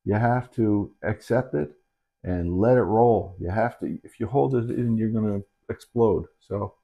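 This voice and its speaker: A middle-aged man, a dementia caregiver, talking candidly and haltingly in a reflective personal video, with many restarts. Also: on the low side, narrow, tinny audio. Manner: earnest and candid. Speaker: dementia caregiver and channel host. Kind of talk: reflective personal talk to camera.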